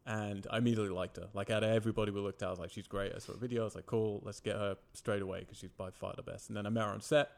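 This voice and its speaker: A filmmaker in a casual chat, blunt and swearing freely. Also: male voice, on the low side, fairly even intonation, very fast, creaky, few pauses. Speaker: filmmaker, podcast co-host.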